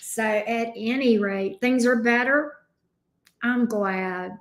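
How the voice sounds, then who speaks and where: Bubbly high-voiced Southern woman. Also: slow. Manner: bubbly, greets viewers by name. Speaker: tarot reader hosting a livestream. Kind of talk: casual livestream chat.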